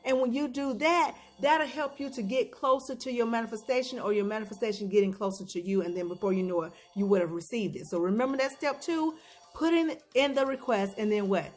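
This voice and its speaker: Woman, preachy motivational coach, keeps asking and answering her own questions, fairly high voice, soft music behind. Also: fairly quick. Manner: asks questions and answers them herself, preachy and emphatic. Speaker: vlogger giving advice. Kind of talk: motivational talk to camera.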